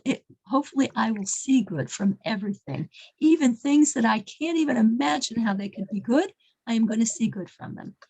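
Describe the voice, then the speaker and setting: A woman telling a faith story in an informal talk, earnest and halting, often repeating words as she goes. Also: on the high side, vocal fry, a little mellow, husky, rough recording. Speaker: religious storyteller.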